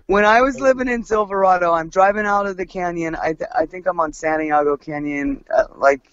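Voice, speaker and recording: Brief: woman podcast co-host, blunt and profane, lively storyteller, slightly muffled dry recording. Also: fairly low pitch, a little fast, dry recording. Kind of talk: casual chat, storytelling.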